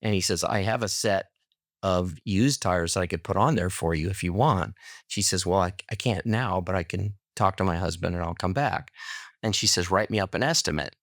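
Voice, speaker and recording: A man's voice: low voice, moderate pace, dry recording, clean studio sound. A middle-aged man, a podcast guest, telling a personal story casually and acting out the dialogue. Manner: animated storyteller, acts out quoted dialogue.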